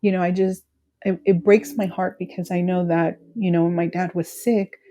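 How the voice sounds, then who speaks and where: A woman in her thirties from California, speaking haltingly about her grief as a guest, full of "you know" fillers. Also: lowish voice, little pitch movement, dark tone. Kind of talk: emotional personal conversation.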